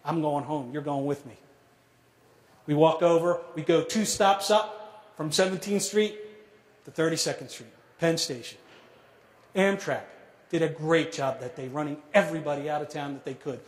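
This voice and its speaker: A middle-aged man tells a personal story to an audience with measured, dramatic pacing. His fairly high voice drops to a hush at the grave moments. The sound is roomy and echoing, as in a large hall. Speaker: speaker telling a survivor story. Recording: echoey hall.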